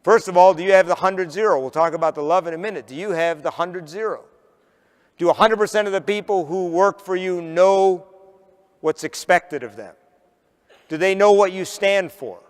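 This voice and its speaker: A man from the northern United States giving a keynote speech, telling a story with lively pacing and firing rhetorical questions at the audience. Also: sits high, moderate pace, clear, resonant tone. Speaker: motivational keynote speaker. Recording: long reverb of a large hall.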